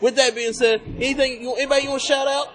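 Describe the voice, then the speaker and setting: A man's voice: very high-pitched, little pitch movement, very fast, a crowd in the background. A man hosting a casual podcast interview at a convention, who hypes up his guest and plugs his show. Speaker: podcast host. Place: busy convention hall.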